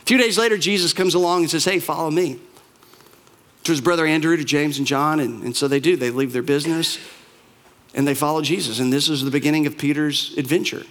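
A man with a notably high voice delivers a sermon. He tells scripture stories with animated, conversational asides, acting out quoted lines as he goes. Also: fairly quick. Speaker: pastor.

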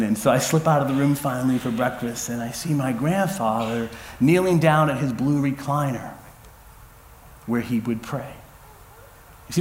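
A man in his forties preaching a sermon to a congregation, lively and humorous as he tells stories and calls out to the crowd. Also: a little high, reverberant. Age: 40s. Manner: lively, addressing a crowd with cheers and callouts; storytelling with humor. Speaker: pastor. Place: church auditorium before a congregation.

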